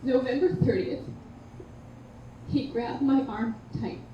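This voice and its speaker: A woman's voice: on the high side, steady tone, moderate pace, long pauses. A woman giving a heartfelt eulogy and toast for her late partner at a memorial gathering. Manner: heartfelt, tender storytelling. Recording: echoey room, distant mic, background noise.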